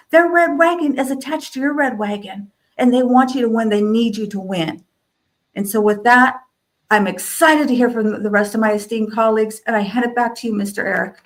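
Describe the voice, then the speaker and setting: A woman delivers a motivational talk over a video call. Her voice sits a bit high, and she hammers points home by repeating them. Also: brisk. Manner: preachy, repeats lines for emphasis. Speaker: panel speaker.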